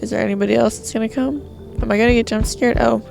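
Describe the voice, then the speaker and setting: A woman's voice: fairly high pitch, steady tone, fast, gravelly, darkish tone, faint music behind. A woman gamer giving nervous, jumpy commentary while playing a horror game, talking to herself.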